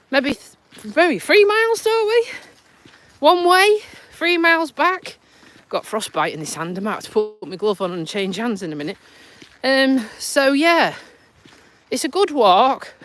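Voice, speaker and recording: Chatty Lincolnshire woman with a lively voice. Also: fairly high pitch. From Lincolnshire, England. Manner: chatty and self-mocking, with frequent laughs and dialect words. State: stuffy nose. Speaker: vlogger. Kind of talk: casual chat on a live stream. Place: outdoors on a countryside walk.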